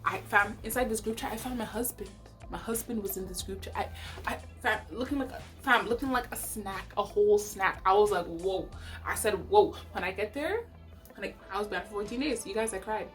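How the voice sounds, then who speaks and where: A young woman from Canada telling a story to her vlog audience, animated and profane, repeating lines for emphasis, recorded on a camera mic in a rented bedroom. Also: medium pitch. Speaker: vlogger. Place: Airbnb bedroom.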